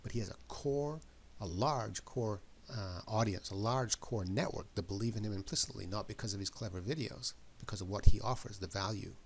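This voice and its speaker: Speaking briskly with few pauses, a man with a lowish voice pushes his motivational message hard, often repeating words and questions for emphasis. Slight background noise is audible.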